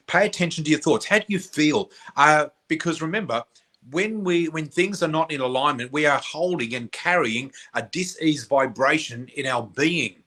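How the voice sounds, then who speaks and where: Bright-voiced man in his sixties. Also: a little high. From Australia. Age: 60s. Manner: animated, repeats phrases for emphasis. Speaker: guest psychic. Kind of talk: casual conversational storytelling.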